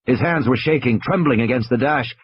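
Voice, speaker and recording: A man's voice: medium pitch, fairly quick, breathy edge, no echo, dull audio. A man narrating an audiobook with a tense, dramatic delivery.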